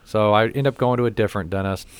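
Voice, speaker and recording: A man's voice: fairly low pitch, fast, clear, resonant tone, no room sound. Profane, rambling man telling a story. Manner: profane, rambling storyteller who acts out the people he quotes. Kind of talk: casual chat.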